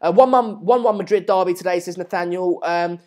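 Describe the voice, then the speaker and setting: A man's voice: high voice, brisk. A young man hosts a live stream, talking loosely with lots of ums and restarts. He answers viewers as he goes and gets worked up when the play picks up. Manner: chatty, reads out and answers viewer messages, many fillers and restarts; excitable bursts during match updates. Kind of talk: casual live watchalong commentary and chat.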